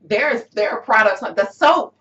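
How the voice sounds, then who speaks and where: Animated, distant woman telling her story. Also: a little high, normal speed. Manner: animated storytelling that rises into excitement. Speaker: guest sharing a testimonial. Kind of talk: casual conversational interview. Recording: distant, dull-sounding recording.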